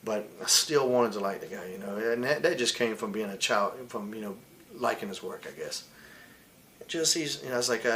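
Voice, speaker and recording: A man's voice: on the low side, expressive, a little fast, fairly bright tone, a little hiss or hum. Blunt, heated man in his forties. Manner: blunt, heated, profane, quotes others in put-on voices. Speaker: wrestler interviewed as guest. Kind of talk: candid interview storytelling.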